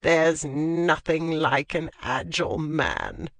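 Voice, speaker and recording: An audiobook narrator voicing an elderly society lady who speaks slowly and knowingly. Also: mid-range voice, a bit bright, no room sound. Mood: reminiscent.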